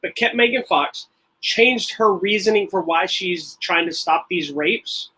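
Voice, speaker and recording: A man's voice: high voice, unhurried, bright, forceful tone, slightly rough, low-quality recording. A man co-hosting a podcast, rambling through a casual movie review and laughing often. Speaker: podcast co-host.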